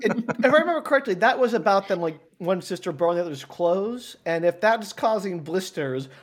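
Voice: mid-range voice, animated, fairly quick. A podcast guest making dry, wry remarks in casual chat.

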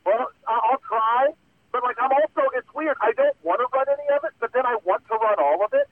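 A man's voice: very high voice, lively intonation, a little fast, vocal fry, dry recording. A man calling in as a guest, chatting casually in a rambling, self-mocking way with lots of fillers. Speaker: radio host guest. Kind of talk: casual chat. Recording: tinny phone line.

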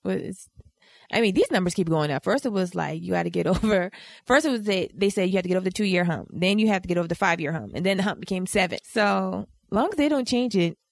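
A woman's voice: lowish voice, fast talker, creaky, no echo, studio quality. A woman co-hosting a podcast in casual chat, playful and teasing, laughing often. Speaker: podcast co-host.

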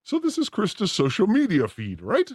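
A man's voice: high voice, huge pitch swings, normal speed. A man hosting a podcast with a crude, theatrical, joking manner. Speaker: podcast host. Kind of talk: crude casual banter.

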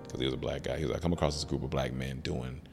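Over soft background music, a comedian guest talks rapid-fire in a bass voice with vocal fry. Chatting casually, he tells a personal story with animation and voices the characters in quoted lines.

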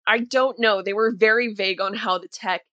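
A woman's voice: medium pitch, fairly quick, no echo, dull audio. Emphatic woman in dry close sound. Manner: emphatic, animated storytelling. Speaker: podcast host. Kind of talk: casual chat.

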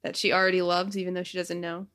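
Woman, thirties, podcast co-host, easygoing and agreeable, quick to laugh. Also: on the low side, flat delivery, a bit bright. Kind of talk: casual chat.

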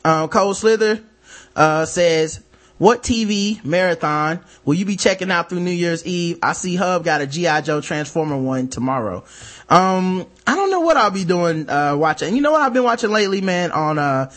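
A man hosting a podcast in casual chat, relaxed and profane, with many ums and uhs. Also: high voice, moderate pace. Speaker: podcast host.

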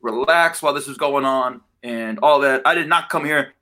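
A man's voice: mid-range voice, normal speed, bright, forceful tone. A man joining a casual comedy chat by video call, talking in a laid-back way and calling people man and brother.

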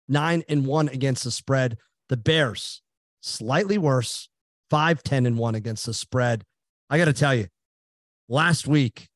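A man hosting a sports betting show, briskly rattling off spreads, percentages and his picks. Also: a little high, no echo, clean studio sound. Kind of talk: casual sports betting chat.

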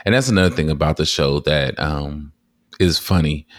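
A man hosting a podcast, chatting casually as a guest and telling stories with lively, high-pitched quotes. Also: moderate pace, dry recording, studio quality. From Texas. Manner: animated storyteller, acts out quotes in high voices. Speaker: podcast host. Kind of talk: casual interview chat.

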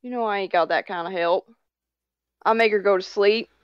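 Brief: tabletop player, smooth blunt weary voice, dull lo-fi recording. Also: female voice, mid-range voice, moderate pace, dry recording. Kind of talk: in-character tabletop play.

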